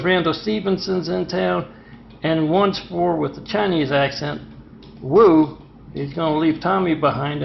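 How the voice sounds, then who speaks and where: A man with a slightly high, gravelly voice rambles through an agitated monologue, tripping over filler words. The echoey, muffled lo-fi room recording reverberates, with a faint hiss or hum underneath.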